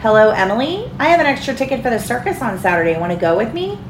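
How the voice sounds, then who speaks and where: A woman's voice: a little high, big pitch swings, fast talker, roomy sound, slight background noise, pitched above the performer's own voice, rough recording. A woman voicing a scheming, bossy little girl who teases her sick brother, reading from a storybook. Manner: sly, teasing.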